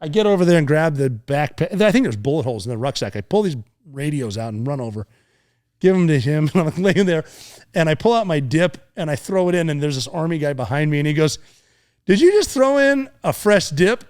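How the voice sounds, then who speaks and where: Speaking quickly on a podcast, a middle-aged ex-Navy SEAL with a somewhat elevated voice recounts a war story. Swearing freely and laughing a lot, he imitates gunshots and the yells of other men, moving from tense moments to dry jokes.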